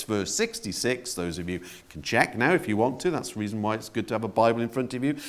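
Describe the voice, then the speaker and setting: A man delivering a sermon with a medium-pitched voice that rises and falls dramatically. He talks to the congregation directly and conversationally, letting his voice leap up when excited and drop low and quiet on serious points. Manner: expressive, conversational preaching with wide swings in pitch and loudness. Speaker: preacher.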